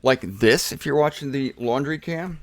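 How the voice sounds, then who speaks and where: A man's voice: mid-range voice, moderate pace, no echo, studio quality. A man teaching scripture in a casual, playful way, stressing and repeating key words. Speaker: Bible teacher. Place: home room.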